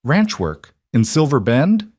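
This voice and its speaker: A man's voice: mid-range voice, sing-song, slow, a little mellow, husky, dry recording, studio quality, voice pushed up, heavily acted. A man voicing a haughty older society woman who sneers with false sympathy. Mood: scornful.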